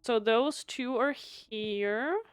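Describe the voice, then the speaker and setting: A woman whose first language is German, streaming a game live, reading its text aloud and thinking out loud, often stumbling over words and restarting. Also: a little high, extremely slow, smooth, dry recording.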